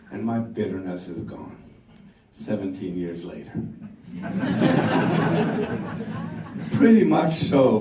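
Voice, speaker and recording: A middle-aged man from Sweden with a Swedish accent, telling a story on stage in an animated way, laughing and acting out the quotes. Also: medium pitch, echoey room, far from the mic, slight background noise, poor audio. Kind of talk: storytelling talk.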